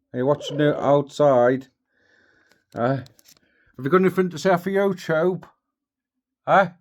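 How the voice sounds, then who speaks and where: A man chatting to his dog and parrot in doting baby talk with kissing noises. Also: on the high side. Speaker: pet owner filming his dog and parrot. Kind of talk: casual chat with pets.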